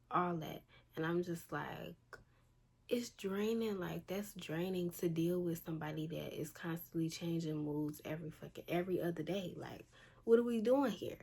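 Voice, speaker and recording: A woman's voice: fairly low pitch, unhurried, mellow, breathy edge. Blunt, exasperated young woman. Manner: blunt, exasperated, slangy and rambling. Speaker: vlogger. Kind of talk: casual storytime. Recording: faint background noise.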